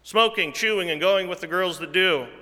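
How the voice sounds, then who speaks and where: A man preaching a sermon, slow and deliberate, rising loud and falling to a hush. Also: sits high, in a large hall. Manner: slow, deliberate preaching that swells louder then drops to a hush.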